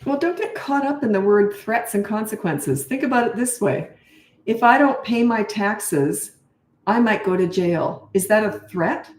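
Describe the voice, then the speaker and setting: A middle-aged woman coaching parents in a live question session, blunt and emphatic. She acts out her own lines to children and sounds worn out. Her voice sits at an ordinary pitch, with a roomy echo around it. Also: animated, unhurried. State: tired. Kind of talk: live Q&A advice talk. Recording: echoey room.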